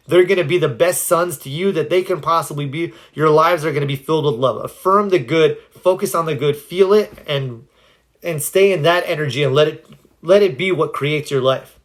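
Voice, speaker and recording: A man's voice: a little high, fairly quick. A man giving earnest, encouraging self-help advice on a phone livestream, answering viewers' questions, his voice a little cracked. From United States. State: slightly cracked voice.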